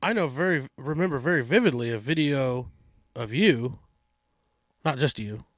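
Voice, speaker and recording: Lively, profane man hosting. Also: medium pitch, moderate pace, no echo. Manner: animated, profane storytelling. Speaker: podcast host. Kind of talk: casual chat.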